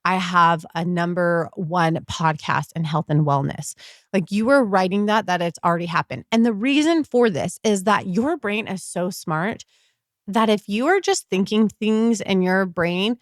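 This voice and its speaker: A woman's voice: mid-range voice, a little slow, no room sound, clean studio sound. A woman in her thirties hosting a podcast, talking earnestly and with enthusiasm in a casual motivational monologue. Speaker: podcast host.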